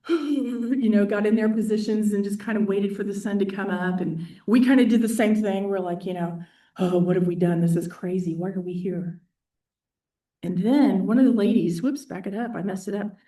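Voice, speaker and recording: A woman from Indiana telling a story at an awards talk, acting out voices and dropping into whispers. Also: medium pitch. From East Central Indiana. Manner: animated, acts out quoted voices and whispers. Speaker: award winner giving a talk. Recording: echoey hall, distant mic.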